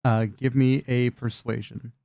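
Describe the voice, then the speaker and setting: Relaxed man running a tabletop game. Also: mid-range voice, vocal fry, dry recording. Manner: loose, chatty narration with quick voiced asides. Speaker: dungeon master. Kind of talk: narrating a tabletop game over a call. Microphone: video call.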